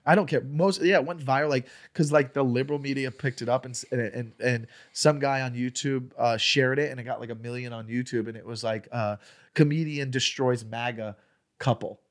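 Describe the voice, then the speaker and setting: Profane, animated male comedian. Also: mid-range voice, a little fast. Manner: profane, animated, acts out quotes in raised voice. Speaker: stand-up comedian, podcast guest. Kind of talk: casual storytelling chat.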